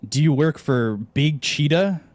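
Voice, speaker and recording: A man's voice: measured pace, no echo. A man co-casting an esports stream, chatting casually and telling long jokes with acted-out voices. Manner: animated, acts out joke characters with pitch jumps. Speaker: esports co-caster.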